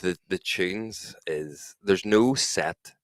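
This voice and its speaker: A man's voice: sits low, slow, no echo. A man co-hosting a podcast, chatting casually and joking with sweary banter. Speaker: podcast co-host, music producer. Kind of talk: casual chat.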